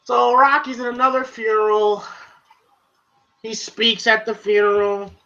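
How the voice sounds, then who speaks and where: A movie reviewer giving a casual spoken review, excitable and profane, retelling scenes in long run-on recaps. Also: medium pitch, a little slow, highs cut off.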